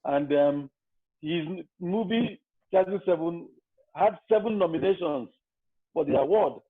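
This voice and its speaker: Older man, guest, calm storyteller, slightly high voice, tinny phone-like sound. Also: measured pace, husky. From Nigeria. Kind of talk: interview storytelling.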